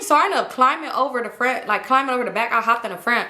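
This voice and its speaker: A young woman telling a storytime tale to her viewers in a casual, animated, slangy and profane way. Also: fairly high pitch, quick pace, roomy sound. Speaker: storytime vlogger.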